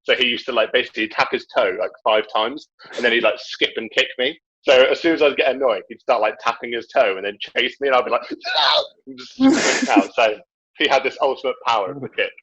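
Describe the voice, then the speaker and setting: A man's voice: mid-range voice, fast, fairly bright tone, breathy edge. A young man telling a childhood story in casual chat, laughing often and acting out the voices. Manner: chatty, laughs often, acts out quoted voices. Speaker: podcast guest. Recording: dull lo-fi sound.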